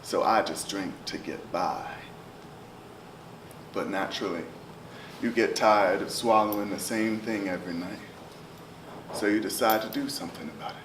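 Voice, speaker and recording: A man performing spoken word poetry in a rhythmic, chanting delivery that swings between loud calls and near whispers. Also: on the low side, moderate pace, pauses often. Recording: roomy echo, distant mic, steady ambient noise.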